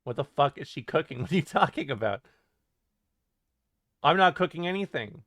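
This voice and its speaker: A man streaming and reading chat aloud, joking, laughing and swearing in quick casual banter. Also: fairly high pitch, big pitch swings, a bit bright, no echo.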